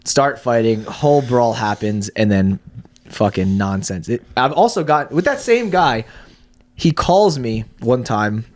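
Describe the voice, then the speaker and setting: A young man chats on a podcast mic, telling stories in a loose, profane way. He often restarts mid-sentence and picks up speed as he goes. His voice sits at an average pitch for a man. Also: measured pace. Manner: profane, animated storyteller who uses many restarts. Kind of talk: casual podcast chat.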